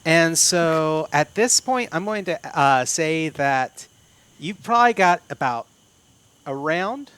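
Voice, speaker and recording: A man's voice: on the high side, animated, slow pace, fairly bright tone, clean tone. Man narrating a tabletop game. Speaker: game master.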